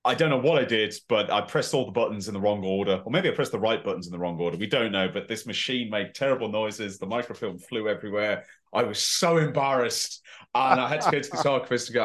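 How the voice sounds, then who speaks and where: A man's voice: lowish voice, brisk, fairly bright tone. A man co-hosting a history podcast, telling a self-deprecating story in a casual, chatty way. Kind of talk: casual anecdotal chat.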